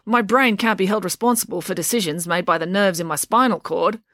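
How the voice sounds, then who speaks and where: A woman's voice: medium pitch, fairly quick, fairly bright tone, dry recording, clean studio sound, natural voice. A woman voicing a wry, logical young boy in a storybook, matter-of-fact in manner.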